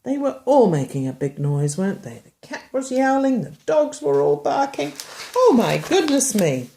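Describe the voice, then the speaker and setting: A woman reading a picture book aloud to a young child. She stops to ask about the pictures, moving between bright exclamations and soft murmured asides. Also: sits high, very animated, normal speed, gravelly. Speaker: reader to a child.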